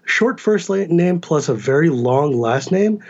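An American man with a Californian accent, a guest chatting casually and animatedly, with quick asides and laughs. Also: on the high side, lively intonation, lo-fi sound. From United States. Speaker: podcast guest. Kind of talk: casual chat.

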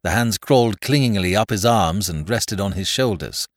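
A man narrating a classic mystery novel in a lively, dramatic reading style. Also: lowish voice, normal speed, no room sound, studio quality. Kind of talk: audiobook narration.

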